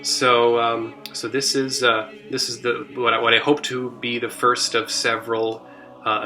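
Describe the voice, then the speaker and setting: Bright-voiced man giving a halting church talk. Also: medium pitch. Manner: halting, full of "uh" and restarts. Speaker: church music minister. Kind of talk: informal hymn history talk.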